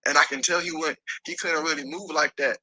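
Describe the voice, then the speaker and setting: A man telling a story as an interview guest, animated and profane, acting out the voices of the people in it. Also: fairly high pitch, fairly quick, over a noisy crowd, poor audio.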